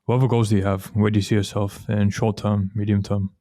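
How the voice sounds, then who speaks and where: A man interviewing a guest in a calm, teasing manner. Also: fairly low pitch, quick pace, no room sound, studio quality. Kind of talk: casual interview.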